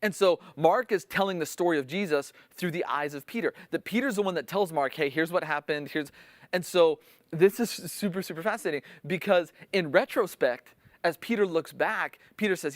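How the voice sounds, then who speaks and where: A man's voice: a little high, normal speed, dry recording. Conversational preacher man, dry sound. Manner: conversational teaching, acts out quotes with rising intensity. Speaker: pastor. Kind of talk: sermon.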